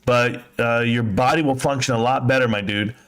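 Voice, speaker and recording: A man's voice: medium pitch, fairly even intonation, moderate pace, a bit bright, smooth. Crude joking man in his fifties. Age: 50s. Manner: crude, joking, mocking impressions. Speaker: livestream host. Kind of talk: casual live-stream chat reading comments.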